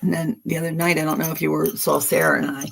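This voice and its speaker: Seventies lady from philly rambling on a tarot livestream, super gravelly, breathy husky voice, laughs a lot. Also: sits low, flat delivery, fast. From Philadelphia, USA. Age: 70s. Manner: chatty, rambling, laughs often. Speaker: tarot reader hosting a livestream. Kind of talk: casual livestream chat.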